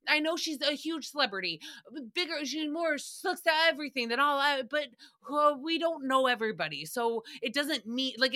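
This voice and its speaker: A woman hosts a podcast in loose recap chat, sarcastic and animated, swearing freely. Her voice sits a little high and rings bright and sharp. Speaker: podcast host.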